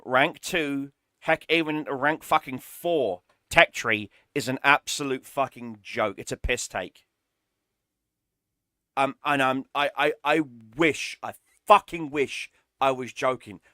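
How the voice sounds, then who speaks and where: A gaming streamer with a mid-range voice rants through his gameplay, exasperated, sarcastic and swearing often. His voice sounds pushed and bright, with a dry, clean studio recording.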